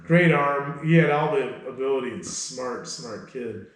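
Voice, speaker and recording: A man speaking in a casual interview, blunt and fond of telling stories with a joke at the end. His voice sits at an ordinary pitch. The room rings with heavy echo. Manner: blunt, storytelling, quick to joke. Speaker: personal trainer. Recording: very echoey room.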